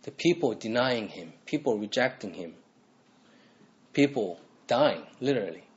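A man's voice: medium pitch, animated, measured pace, muffled recording. A male pastor preaching a sermon, earnest, pressing his listeners with repeated questions.

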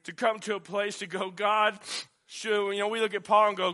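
A male pastor, preaching a sermon with passion, dropping to a hush and then rising loud again. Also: sits high, level tone, moderate pace. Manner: impassioned preaching, swinging from hushed to loud.

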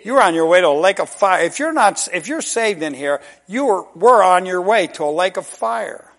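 A middle-aged man preaching a sermon, folksy and emphatic, dropping to a hush and then rising loud on drawn-out words. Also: high-pitched, lively intonation. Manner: folksy and conversational, repeats "amen". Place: church service.

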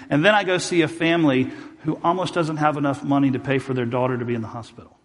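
A man's voice: mid-range voice, quick pace, big-room sound. A man preaching a sermon as pastor, telling a personal story and acting out both sides of each argument.

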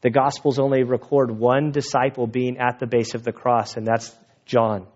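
A man's voice: medium pitch, little pitch movement, moderate pace, darkish tone, dull audio. Man preaching a conversational sermon. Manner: conversational storytelling, emotional at times. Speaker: pastor. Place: outdoor church gathering.

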